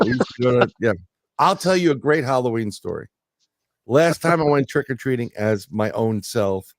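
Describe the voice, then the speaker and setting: A middle-aged man co-hosting a podcast, telling a profane story in a loose, animated way. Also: mid-range voice, no echo. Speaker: podcast co-host. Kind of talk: casual podcast chat.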